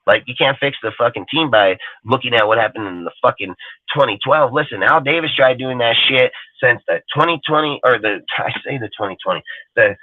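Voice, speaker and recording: A man's voice: medium pitch, lively intonation, a little fast, no echo. A man on a live sports fan show, ranting bluntly in profane, slangy street talk about his team. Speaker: podcast co-host. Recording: tinny phone-line audio.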